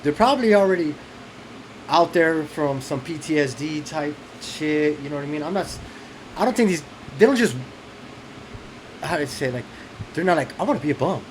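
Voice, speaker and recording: A man's voice: fairly high pitch, lively intonation, moderate pace, long pauses, a little hiss or hum, rough recording. A man co-hosting a podcast in casual chat, using loose slang, laughing often and acting out quoted lines. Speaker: podcast co-host.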